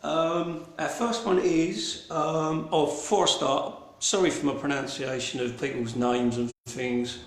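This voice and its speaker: A man's voice: fairly high pitch, steady tone, measured pace, hardly any pauses, roomy sound. A man with a broad Cockney accent hosting an online gallery private view, chatting casually with lots of ums and restarts, cheerful swearing. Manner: rambling with many ums and restarts. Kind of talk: casual live-streamed gallery talk.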